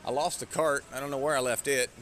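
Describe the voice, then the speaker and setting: A man with a fast, slightly bright mid-range voice and fairly even intonation live-streams while shopping indoors among the aisles. He rambles casually and jokily, swearing plenty, over a noisy shop background.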